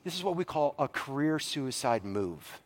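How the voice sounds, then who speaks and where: A middle-aged man preaching a sermon as pastor, animated and often acting out the voices he quotes. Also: medium pitch, moderate pace, big-room sound.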